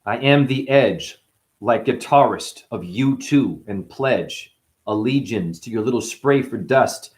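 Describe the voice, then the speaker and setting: A man in the middle of a loose freestyle rap, chaining puns and rhymes into each other. He is boastful and profane, and his voice sits at an ordinary pitch for a man. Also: lively intonation, takes it slowly. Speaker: freestyle rapper.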